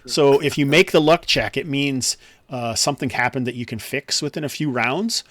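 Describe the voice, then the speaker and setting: A man's voice: mid-range voice, moderate pace, fairly bright tone, no room sound. A man running an online tabletop game as game master, explaining rules with many fillers and restarts. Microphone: headset or desk mic on a video call.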